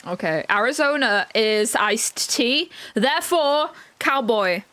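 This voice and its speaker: A woman's voice: a little high, expressive, measured pace, a bit bright. A woman streamer in casual chat, making playful, jokey guesses.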